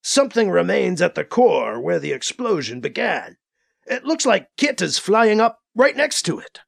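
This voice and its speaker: Careful woman crewmate, read by a man, slow delivery. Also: high voice, sing-song, vocal fry, full character voice.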